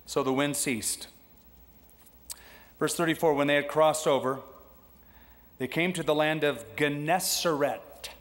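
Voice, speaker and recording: A man preaching a sermon as pastor, lively and conversational, acting out the voices he quotes. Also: a little slow, pauses often. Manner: animated, acts out quoted voices with big pitch jumps. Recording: long hall reverb.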